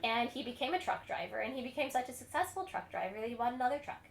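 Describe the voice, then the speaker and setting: A woman's voice: fairly high pitch, fast talker, gravelly, roomy sound. A woman cantor giving a lecture on music history, telling stories in a chatty way and laughing often.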